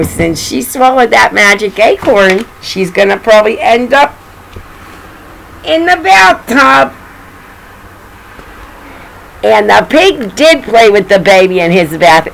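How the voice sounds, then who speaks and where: A woman's voice: mid-range voice, lively intonation, a little slow, gravelly, slight background noise, low-quality recording. An older woman reading a picture book aloud to children, chatting affectionately and pointing out the pictures. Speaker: story reader.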